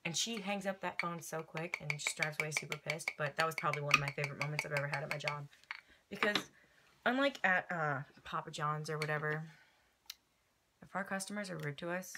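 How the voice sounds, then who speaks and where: A woman's voice: low voice, fairly quick, noisy background. A young woman from Louisiana, a friend of the host, telling a story in a blunt, sassy way. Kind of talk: casual chat, storytelling.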